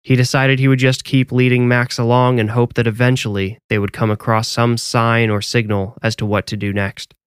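A man narrating a scripted horror story in a measured, even storytelling way. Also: medium pitch, clear, resonant tone, dry recording, studio quality.

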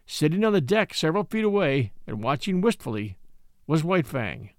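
A man narrating a classic adventure novel in an expressive storytelling style. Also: fairly high pitch, moderate pace, dry recording, clean studio sound. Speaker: audiobook narrator.

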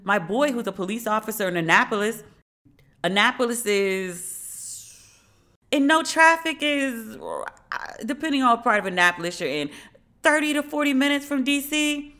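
A woman in her thirties hosting a podcast, telling a story in a casual, animated and profane way. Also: a little high, moderate pace. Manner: animated, profane, emphatic retelling. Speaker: podcast host.

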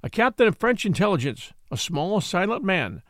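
Expressive male podcast narrator, dry sound. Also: sits high, normal speed, no room sound. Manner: expressive storytelling, acts out quoted speech. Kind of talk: audiobook reading of a memoir.

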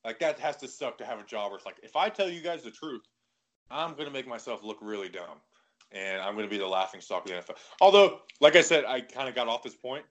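Animated chatty man on a sports podcast. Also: medium pitch. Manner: animated, talks in quick bursts with lots of "like". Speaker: podcast co-host. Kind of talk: casual sports chat.

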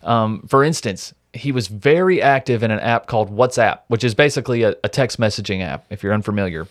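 A man's voice: on the low side, animated, a little fast. A young man co-hosting a casual true-crime podcast, recounting the case and reading quotes aloud with wry jokes. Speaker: podcast co-host.

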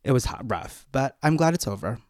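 A man's voice: medium pitch, expressive, fairly quick, darkish tone, no echo, clean studio sound. A man in a casual podcast chat, talking earnestly and openly with many fillers. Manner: earnest, open, lots of "like".

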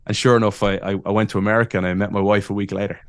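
A man in his thirties with an Irish accent, a podcast guest telling lively, self-deprecating stories and laughing often. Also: lowish voice, rapid-fire, no echo. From Ireland. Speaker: podcast guest, wrestling announcer. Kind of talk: casual interview storytelling.

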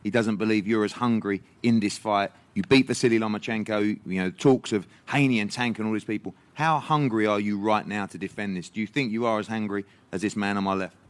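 A man with a low voice moderates a boxing press conference. He fires off brisk, probing questions at a rapid clip. The sound is dry and close. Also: fairly even intonation, dry recording.

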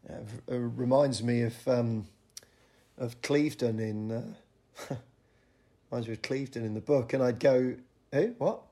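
A man's voice: medium pitch, steady tone, a little slow, long pauses, warm tone. A middle-aged man, a comedian guest on a podcast, spins a self-deprecating anecdote in a mid-range voice. He acts out the other people's lines as he goes.

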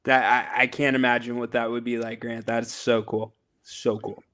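A man co-hosting a sports show gives short, agreeable replies. His voice is smooth and clear, and it stays level in pitch. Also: level tone, moderate pace, a bit bright. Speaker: co-host. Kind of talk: casual chat.

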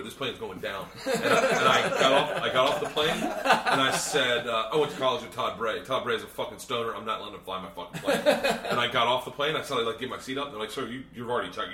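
A man's voice: medium pitch, bright, forceful tone. A man hosting a casual chat among comedians, telling a profane, rambling story. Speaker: podcast host. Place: hotel room. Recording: echoey room.

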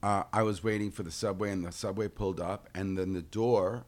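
A man's voice: fairly even intonation, a little fast. A man co-hosting a podcast in casual chat, talking in a hesitant, self-deprecating way. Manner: hesitant, self-deprecating, rises in pitch when indignant. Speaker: podcast co-host.

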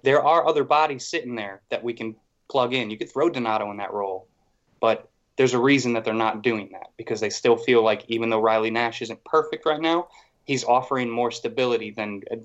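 A man co-hosting a podcast, talking hockey casually in a rambling, animated way with a lot of "like". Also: medium pitch, lo-fi sound. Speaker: podcast co-host.

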